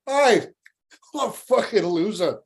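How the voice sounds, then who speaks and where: A man's voice: sits high, lively intonation, unhurried, slightly rough, pitched above the performer's own voice, full character voice. A man putting on a rowdy mocking Scotsman. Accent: Scottish. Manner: laughing, teasing, swearing.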